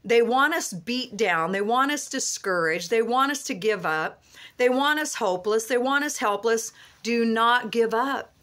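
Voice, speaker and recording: A woman's voice: a little high, measured pace, fairly bright tone. A woman speaks fervent words of encouragement and prayer to her online viewers. She repeats her phrases with rising insistence, and her voice sounds tearful and moved. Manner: fervent, repetitive exhortation. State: tearful, emotional. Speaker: online prophetic minister. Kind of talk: emotional prayer and prophetic encouragement.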